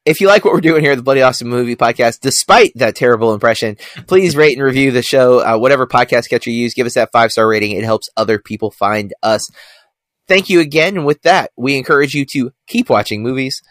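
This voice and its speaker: A man hosts a movie podcast in an easy, rambling way, full of ums and quick restarts. His voice sits at an everyday pitch. The sound is close and dry, with no room around it. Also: expressive, fairly bright tone, dry recording. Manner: chatty, filler-heavy, self-correcting. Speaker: podcast co-host. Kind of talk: casual film podcast chat.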